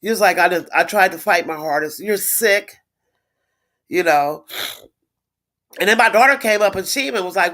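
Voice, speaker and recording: In a casual livestream, a middle-aged woman with a mid-range, fairly bright voice talks at normal speed, pausing often. Blunt and indignant, she swears freely and repeats herself to stress points, reading viewers' comments aloud to greet them.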